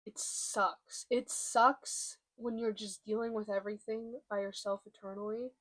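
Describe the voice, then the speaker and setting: A young woman in a confessional vlog, speaking candidly and haltingly while holding back emotion. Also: medium pitch, steady tone, fairly bright tone. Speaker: vlogger. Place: room by a window, at home.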